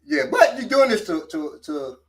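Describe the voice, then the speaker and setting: A man's voice: high-pitched, big pitch swings, normal speed, creaky, far from the mic. A man teaching self-defense, talking casually and coaching while he demonstrates moves.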